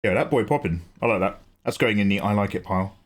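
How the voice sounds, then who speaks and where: An English man hosting a livestream, talking casually in an animated, chatty way, swearing and laughing easily. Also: lowish voice, fast talker. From England. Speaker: livestream host.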